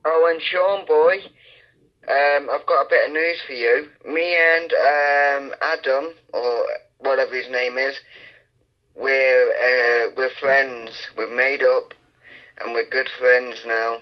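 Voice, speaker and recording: A man's voice: mid-range voice, fairly even intonation, takes it slowly. A man acting as a channel moderator in push-to-talk voice chat, goading others while hesitating often. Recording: dull lo-fi voice app audio.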